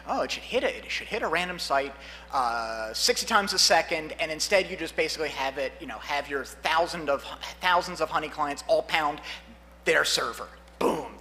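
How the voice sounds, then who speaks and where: A man's voice: fairly high pitch, pushed and bright, a little hiss or hum. A man giving a live conference talk on law and security, rambling with many fillers and acting out conversations. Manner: rambling, fillers, acts out dialogue. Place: conference hall.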